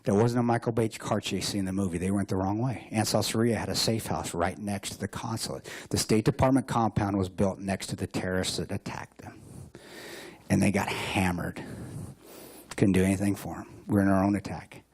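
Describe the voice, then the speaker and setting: Animated man telling a war story. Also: sits low, brisk, husky. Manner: animated, joking, laughs often. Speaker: guest speaker. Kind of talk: storytelling speech. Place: hotel banquet room.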